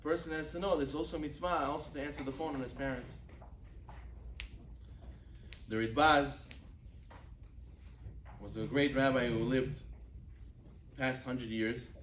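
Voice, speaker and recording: The voice is a bit bright and steady in tone: a rabbi giving a sermon-style Torah class at a moderate pace, pausing often. He tells stories, acts out quoted dialogue with a rising pitch for characters, and sprinkles in Hebrew and Yiddish religious terms. He's recorded from a distance in an echoey room, with a little hiss or hum.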